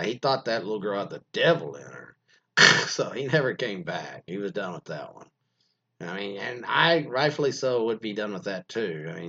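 A man's voice: on the low side, a bit bright, husky. Brief: male podcast host, crude rambling jokester, muffled lo-fi sound. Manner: crude, joking, rambling, laughs often. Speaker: podcast host reading anonymous stories. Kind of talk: casual comic commentary.

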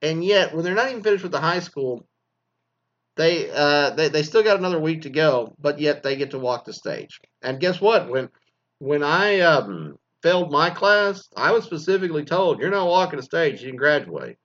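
A man's voice: fairly high pitch, expressive, moderate pace, fairly bright tone. Crude ranting middle-aged man from Texas. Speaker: former teacher. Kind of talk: profane monologue. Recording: slightly dull lo-fi sound.

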